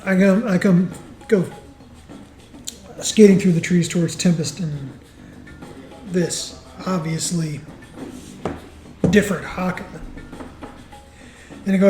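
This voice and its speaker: A man's voice: high voice, steady tone, slow, pauses often, dark tone. A man playing in a tabletop game, talking hesitantly and thinking aloud. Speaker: player. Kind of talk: casual tabletop play. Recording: roomy echo, faint music.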